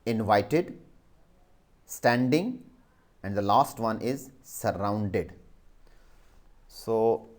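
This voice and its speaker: A male teacher with a Pakistani English accent, dictating a vocabulary exercise and spelling words letter by letter. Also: on the low side.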